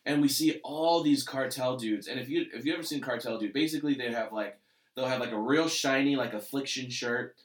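A man's voice: medium pitch, fairly quick, recorded from a distance. A male comedian from Los Angeles, telling stories in a rambling, profane way with lots of fillers and restarts. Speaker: comedian guest. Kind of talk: casual storytelling chat. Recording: roomy sound, off-mic.

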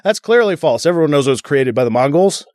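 A man's voice: a little high, expressive, quick pace, darkish tone, dry recording. A man co-hosting a casual podcast, reading news items aloud and mocking them sarcastically. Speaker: podcast co-host.

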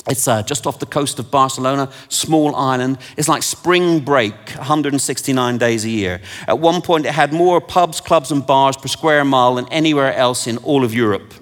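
A man preaching a sermon, telling stories with animated energy and self-deprecating asides. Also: medium pitch, moderate pace, few pauses. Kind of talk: sermon with anecdotes. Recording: long hall reverb.

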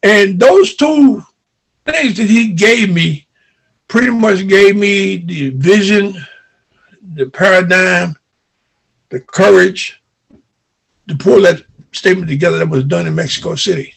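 A man's voice: high voice, a little slow, gravelly, pauses often, breathy edge. An older man, an interview guest telling stories and acting out the dialogue he remembers. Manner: animated retelling with quoted dialogue. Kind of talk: storytelling in an interview.

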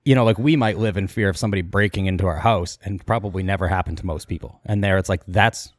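A man's voice: deep voice, quick pace, no room sound. A man co-hosting a podcast, casually retelling a travel story and quoting the people in it. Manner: animated retelling, quoting characters in passing. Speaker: podcast co-host.

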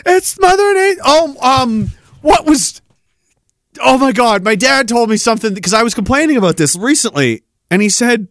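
A man hosting a podcast, reading chat messages in a sarcastic, animated way, laughing often and swearing. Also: extremely high pitch, moderate pace, dry recording, studio quality. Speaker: podcast host. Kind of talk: casual livestream commentary reading chat.

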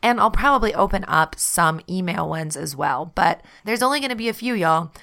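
A woman with a smooth, clear voice that sits on the lower side hosts her podcast as a tarot reader. She talks in an easygoing, chatty monologue and laughs often. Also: expressive, brisk. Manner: chatty and warm-hearted, laughs often, says "y'all".

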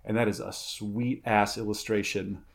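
A man reading a pulp adventure story aloud in a steady, measured way, breaking off for halting, casual chat. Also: fairly low pitch, creaky.

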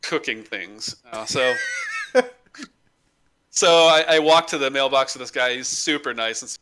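A man's voice: medium pitch, unhurried, pushed and bright, smooth. A young man in casual chat, animatedly telling a comic story, acting out the quotes and swearing freely.

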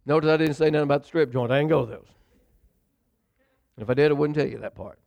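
Gravelly preacher man. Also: on the high side, fast, darkish tone. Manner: preaching with dramatic voiced quotes and asides. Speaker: pastor. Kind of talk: sermon.

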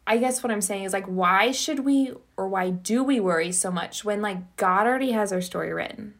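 A woman's voice: medium pitch, moderate pace, fairly bright tone. A young woman hosting a casual, earnest faith conversation, using many filler words. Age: young adult. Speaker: podcast host.

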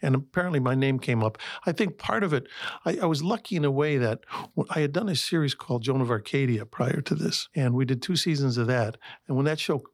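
A man's voice: medium pitch, fairly quick, no echo, clean studio sound. An older man from Chicago with a Chicago accent, an actor telling long rambling anecdotes in a casual interview. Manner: rambling anecdotes with restarts and acted quotes.

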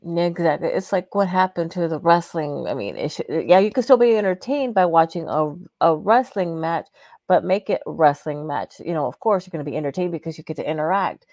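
A woman's voice: low-pitched, lively intonation, a little mellow, dry recording. A woman co-hosting a casual wrestling talk show, blunt and agreeable, cursing freely. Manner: blunt, agreeable, quick to laugh and curse. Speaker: podcast co-host.

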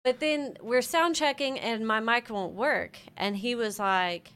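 A woman in her thirties, a keyboardist guest telling animated stories in a casual podcast chat. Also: a little high, slow pace, clean tone. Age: 30s. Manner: animated storytelling with laughter.

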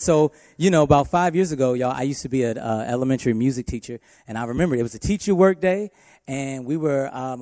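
Young worship pastor, sermon storyteller, medium pitch, dry close recording. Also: male voice, a little mellow, dry recording. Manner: storytelling, addresses congregation as y'all.

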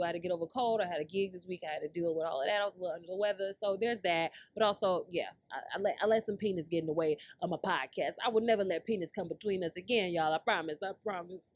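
A woman hosting her own podcast in brash, profane casual commentary, dropping to low mutters and then breaking into loud, high outbursts. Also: dry recording, clean studio sound. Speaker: podcast host.

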